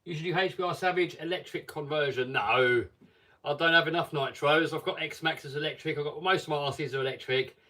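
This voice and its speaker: A man hosts a casual live stream and reads viewer comments aloud as he chats. His voice sits a little high and comes from some distance away from the microphone. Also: a little fast, sharp tone.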